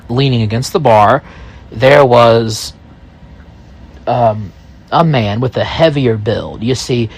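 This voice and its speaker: A man in his thirties telling a first-person story, rambling and halting, full of asides. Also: mid-range voice, husky.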